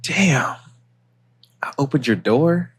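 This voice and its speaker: A man's voice: fairly low pitch, animated, unhurried. A man co-hosting a podcast, chatting casually, joking and swearing with frequent laughs. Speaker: podcast co-host. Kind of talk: casual chat.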